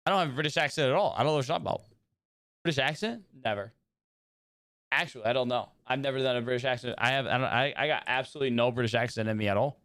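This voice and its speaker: A man's voice: medium pitch, racing, fairly bright tone, no room sound, studio quality. A young man chatting casually with his viewers while streaming a video game, rambling and greeting them by name. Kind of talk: casual livestream chat while gaming.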